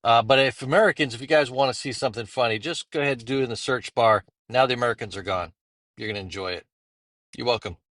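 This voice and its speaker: A man's voice: mid-range voice, fast, hardly any pauses, fairly bright tone, a little hiss or hum. A man telling a story with a mocking tone in a casual vlog. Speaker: content creator.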